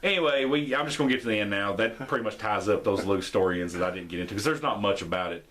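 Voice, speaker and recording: A young man hosting a podcast, casually recapping an episode and acting out the characters' lines with shifting pitch. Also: fast, a bit bright. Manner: rambling, acts out quotes with shifting pitch. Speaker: podcast host.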